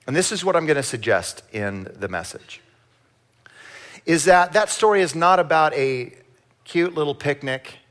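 Animated man preaching with acted asides. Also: fairly high pitch. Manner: animated, acts out voices in Bible stories; reads scripture slowly, asks the congregation to repeat lines. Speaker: pastor. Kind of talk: sermon.

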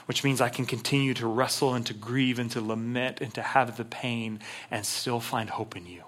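A man preaching a sermon as a pastor, impassioned, dropping to a hush and then rising to emphatic peaks as he acts out prayers. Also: medium pitch, steady tone, normal speed. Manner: impassioned, swings from hushed to emphatic; acts out prayers in first person.

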